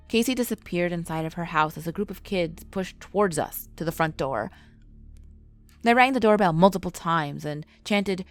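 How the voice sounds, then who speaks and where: A woman telling a first-person scary story in a measured, scripted narration. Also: on the low side, faint music behind.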